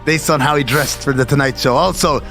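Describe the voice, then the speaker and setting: A man co-hosting a casual sports chat, animated and sarcastic, ranting as he goes. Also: on the high side, brisk, faint music behind. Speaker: co-host.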